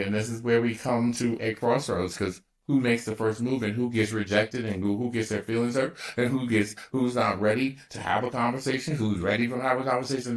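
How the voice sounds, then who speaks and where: A man in his fifties hosting his own podcast, telling a personal story with animated energy, laughing often and restarting sentences. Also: fairly low pitch. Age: 50s. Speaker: podcast host.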